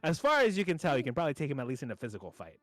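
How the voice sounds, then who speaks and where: A man's voice: mid-range voice, wildly swooping pitch, very fast, no echo, faint music behind. A young man running a tabletop game as dungeon master, rambling through his narration with many fillers and restarts.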